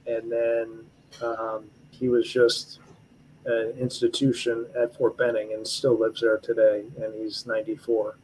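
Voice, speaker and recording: A man in his fifties, a retired army officer, telling his service stories in an interview with earnest, halting speech full of fillers and restarts. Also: on the low side, completely flat delivery, a little mellow, a little hiss or hum, low-quality recording. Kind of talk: storytelling interview.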